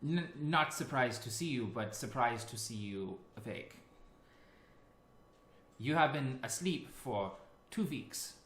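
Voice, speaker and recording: A man's voice: mid-range voice, expressive, slow, fairly bright tone, echoey room. A man voicing a nervous, stooped male robot construct who talks in a fussy, formal way. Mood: fretful, formal.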